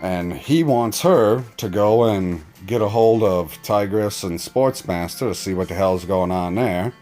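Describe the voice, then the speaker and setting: A man's voice: lowish voice, a little slow, darkish tone, faint music behind. A man giving a casual, profane and mocking recap of a TV episode as a reaction reviewer.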